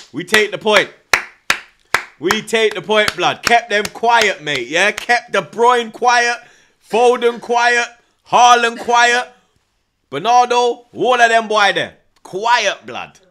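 A young man hosting a live football watchalong, excitable and repetitive, taunting rival fans. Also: high voice, slow pace, noisy background. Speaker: host of a football watchalong stream. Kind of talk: live fan reaction stream.

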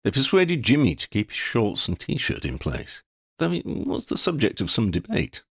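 A man's voice: mid-range voice, normal speed, vocal fry, husky, no room sound, clean studio sound. A man reading a fantasy story aloud, narrating expressively. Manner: expressive reading, voices each character. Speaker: audiobook reader.

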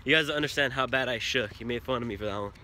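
A man's voice: medium pitch, rapid-fire, bright, forceful tone, a little hiss or hum. A young man casually vlogging, joking and rambling about his day as he films himself on a phone. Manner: joking, rambling, self-mocking. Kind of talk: casual vlog chat. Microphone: phone camera.

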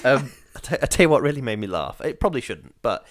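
Lively man chatting about films. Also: mid-range voice. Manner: playful, quick to laugh, poses rhetorical questions. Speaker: podcast co-host. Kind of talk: casual film chat.

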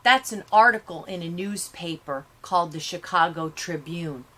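A woman teacher reading a novel aloud to her class, stopping to explain it, in short, expressive phrases. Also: fairly low pitch, normal speed. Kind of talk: read-aloud lesson with explanations.

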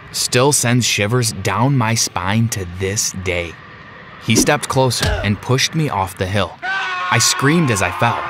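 A man telling a first-person story as narrator, dramatic and slowing down for the tense moments. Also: fairly low pitch, fairly bright tone. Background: background music.

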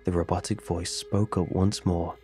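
A man narrating a horror story in a measured, somber, scripted delivery. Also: low-pitched, little pitch movement, darkish tone, soft background music.

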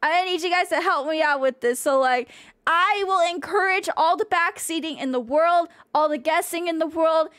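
High-voiced bubbly woman streamer. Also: moderate pace, fairly bright tone, no room sound, clean studio sound. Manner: bubbly, chatty, swears casually, rambles. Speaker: VTuber streamer. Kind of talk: casual livestream chat with viewers.

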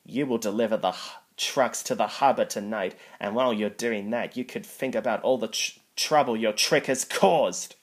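A stern older railway boss voiced by a man scolds his engines in a firm, lowish voice. He is a strict figure in a storybook read aloud, and he talks in a measured way. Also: natural voice. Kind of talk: storybook reading.

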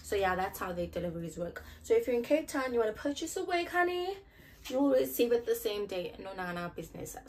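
A woman's voice: medium pitch, lively intonation, quick pace, hardly any pauses, slight background noise. Chatty South African woman. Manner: chatty and playful, loud outbursts. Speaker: hair vlogger. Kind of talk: casual hair tutorial chat.

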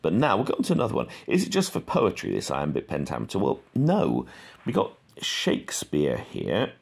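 A man giving an informal, rambling lesson on poetry, with many fillers, who reads verse aloud slowly. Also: sits low, huge pitch swings, vocal fry, slightly rough. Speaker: poetry teacher.

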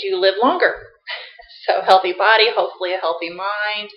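A woman's voice: medium pitch, brisk. A woman chatting casually and playfully to her laptop webcam, teasing herself as she goes. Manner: playful, self-mocking, chatty. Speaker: vlogger. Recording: roomy, slightly dull laptop audio.

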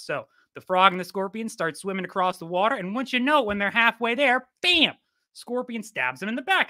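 Animated, joking male host. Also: high-pitched, quick pace. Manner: jokey, animated storyteller. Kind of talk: playful online show hosting.

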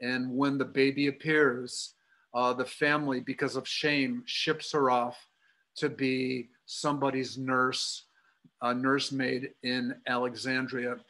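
A man's voice: medium pitch, little pitch movement, slow, sharp tone. A man with a Chicago accent giving a storytelling library talk as a guest speaker, full of anecdotes. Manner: anecdotal, acts out quoted voices.

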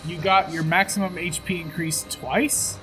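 A man's voice: on the high side, steady tone, unhurried, bright, forceful tone. A man commentating a video game, chatty and joking, laughing often. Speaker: let's play commentator. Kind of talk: casual gameplay commentary. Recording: faint game music behind.

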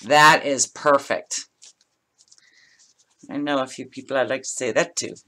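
With an extremely low, bright, and forceful voice at a measured pace, a middle-aged woman chats casually over her craft mail at home. She's a craft vlogger doing an unboxing, gushing and laughing often.

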